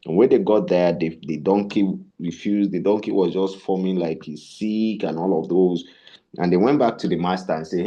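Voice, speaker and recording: A man's voice: sits low, normal speed, lo-fi sound. A man leading a tech sales bootcamp, telling stories and asking rhetorical questions as he teaches. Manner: animated, storytelling with rhetorical questions. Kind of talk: bootcamp lecture with storytelling.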